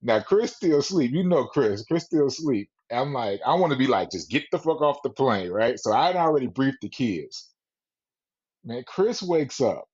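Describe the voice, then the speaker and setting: Man, husky, animated profane storyteller, dull lo-fi sound. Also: mid-range voice, moderate pace. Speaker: podcast co-host. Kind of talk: casual storytelling. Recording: dull lo-fi podcast audio.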